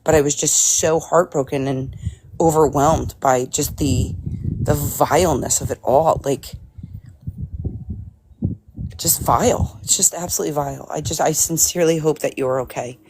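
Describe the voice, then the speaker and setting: A woman with a low voice joins a casual livestream chat. She is earnest and sympathetic, stammering and restarting as she tries to get her words out. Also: steady tone, moderate pace, a crowd in the background. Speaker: livestream guest. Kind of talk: casual live-stream chat.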